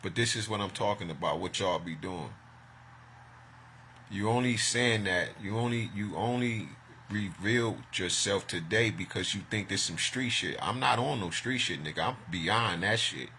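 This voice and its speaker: A man's voice: fairly low pitch, moderate pace, sharp tone, slight background noise. A man ranting to the camera in a vlog, agitated and profane, making accusations. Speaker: vlogger.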